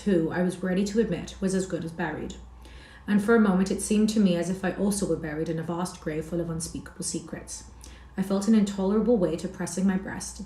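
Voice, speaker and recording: Low mellow woman reading a classic. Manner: steady measured literary reading. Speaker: audiobook reader. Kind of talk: scripted narration. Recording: roomy echo.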